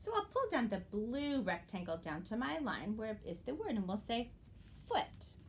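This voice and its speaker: A woman's voice: fairly high pitch, sing-song, a little hiss or hum. A woman teacher leading an early-grade phonics lesson, speaking to young students in an encouraging way and drawing out the words she models. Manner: slow, drawn-out modeling of words.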